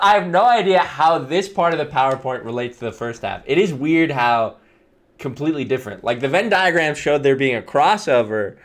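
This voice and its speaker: A young man with a fairly high, animated voice that swings up and down as he reacts. He reads slides aloud in a casual, bemused way and breaks into chuckles and wry asides. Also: moderate pace. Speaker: streamer reacting to viewer slideshows. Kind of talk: casual live-stream commentary.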